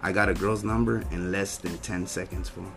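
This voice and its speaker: A young man with a lowish voice spins loose, profane stories on a casual podcast. Music plays clearly underneath him. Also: steady tone, moderate pace, a bit bright. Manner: loose slangy rambling, heavy swearing. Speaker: podcast co-host. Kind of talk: casual storytelling chat.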